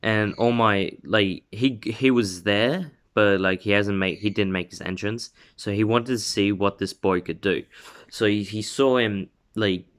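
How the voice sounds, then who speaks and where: A young man drifts through a homemade story in his room. His voice is low and smooth. He is slow and unhurried, and he keeps restarting and filling gaps. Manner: rambling, many fillers and self-corrections. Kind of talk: casual spoken fan story.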